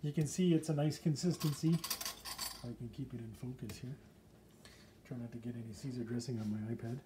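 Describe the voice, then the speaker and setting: A man's voice: medium pitch, fairly even intonation, fairly quick, long pauses. Man, casual cooking vlog, rambling, chatty, home kitchen, noisy recording, camera across the room. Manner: rambling, chatty, self-interrupting. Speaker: home cook.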